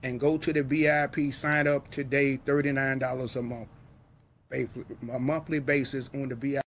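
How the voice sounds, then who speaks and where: A man hosting his own show, pushing a TV subscription in a hyped, repetitive live sales pitch. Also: little pitch movement, moderate pace, a bit bright, slight background noise. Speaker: host pitching a TV service.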